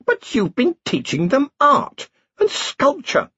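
A man's voice: extremely high pitch, huge pitch swings, slow pace, sharp tone, breathy edge, dry recording, voice pushed up, exaggerated voice. A man voicing a jovial, blustering old head wizard who talks in a hearty, breezy way. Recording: dull lo-fi dry recording.

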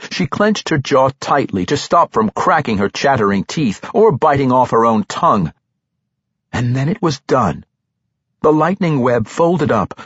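A man reading a fantasy novel aloud as an audiobook narrator, with dramatic, expressive storytelling. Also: medium pitch, husky, no room sound. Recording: slightly muffled audio.

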